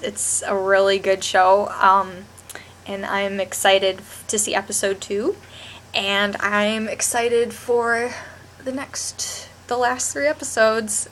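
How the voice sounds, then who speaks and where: A young woman talks straight to camera in a casual vlog, gushing and rambling. She keeps restarting her sentences and never quite lands a point. Her pitch sits in a middle range, with a faint hiss behind her voice. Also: pushed and bright. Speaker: vlogger reviewing a TV show.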